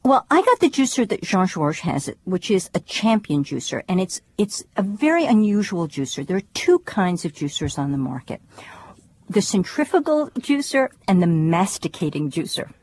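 A cookbook author who is a guest on a radio show, telling a story and explaining kitchen gadgets in an animated way. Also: female voice, on the low side, normal speed, no echo. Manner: animated storyteller, laughs often. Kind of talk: conversational explanation.

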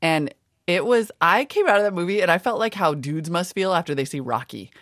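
A woman's voice: on the low side, lively intonation, fairly quick, fairly bright tone, no room sound, clean studio sound. A woman co-hosting a podcast, chatting enthusiastically and often interrupting herself. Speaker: podcast co-host. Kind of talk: casual chat.

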